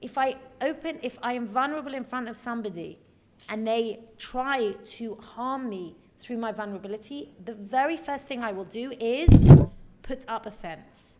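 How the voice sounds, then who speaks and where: A woman's voice: a little high, normal speed. A woman teaching a Torah lecture in an earnest, emphatic way, often checking in with her listeners. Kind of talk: recorded lecture.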